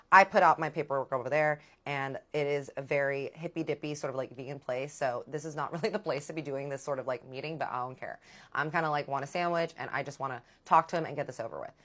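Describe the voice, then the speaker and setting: A woman vlogger telling a dramatic personal story in a casual, animated way, talking straight to her viewers. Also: low voice.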